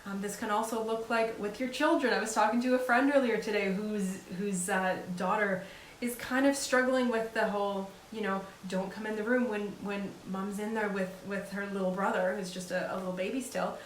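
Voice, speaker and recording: A woman coach talks through practical advice in an earnest, encouraging tone, often checking in with the listener. Her voice sits at an ordinary middle pitch. The room rings with echo, and a faint hiss runs underneath. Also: fairly even intonation, normal speed. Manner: earnest, encouraging, conversational with frequent "right?". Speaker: life coach. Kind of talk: casual advice talk.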